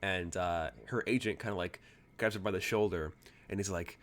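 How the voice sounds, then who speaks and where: A man's voice: sits low, fairly even intonation, normal speed, fairly bright tone. A man narrating as game master in a tabletop game, casual and full of fillers.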